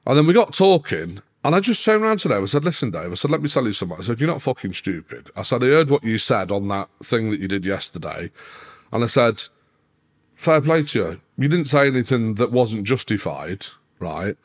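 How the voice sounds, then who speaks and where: A man with a brisk, mid-range voice tells a story casually as a podcast guest, swearing constantly. His retelling is animated, and he acts out the quoted dialogue.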